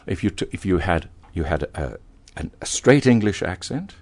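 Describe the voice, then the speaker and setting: Older man with a husky low voice. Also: normal speed. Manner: animated storyteller, stammers on restarts. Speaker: veteran broadcaster, guest. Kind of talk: interview conversation.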